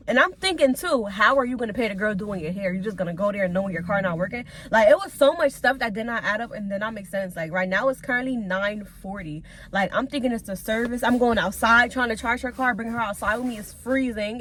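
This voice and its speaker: A young woman, a lash tech, telling a storytime vlog in an animated, exasperated way, acting out both sides of the talk. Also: medium pitch, brisk. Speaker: lash technician and vlogger.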